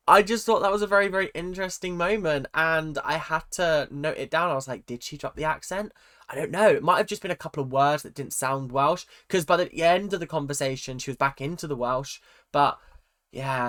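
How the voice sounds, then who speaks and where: A man's voice: on the high side, fairly bright tone. A man giving a casual, opinionated TV recap, chatty and swearing freely. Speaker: reality TV recap YouTuber. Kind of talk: casual ranting commentary.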